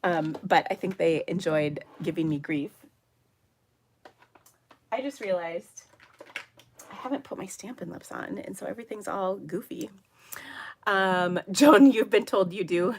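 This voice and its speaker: A woman's voice: lowish voice, a little slow, pauses often. A middle-aged woman, hosting a casual live stream and chatting with viewers in a giggly, rambling way. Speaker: livestream host of a papercraft show. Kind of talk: casual live chat reading viewer comments.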